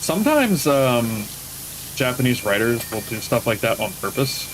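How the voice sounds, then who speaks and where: A man's voice: mid-range voice, sing-song, normal speed, slight background noise, poor audio. A man streaming games, telling long casual stories that trail off and restart. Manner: rambling storyteller, trails off mid-sentence. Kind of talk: casual chat while gaming.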